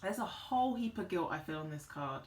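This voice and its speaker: A woman giving a tarot reading in a vlog, talking in an emphatic, animated and slangy way. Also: fairly low pitch, brisk. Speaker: tarot reader. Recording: roomy echo.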